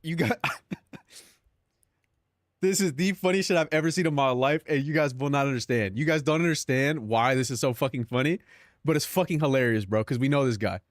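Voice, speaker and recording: A man's voice: mid-range voice, a little fast, no room sound, studio quality. A young man streaming live, chatting casually, joking and swearing, often laughing at his own bits.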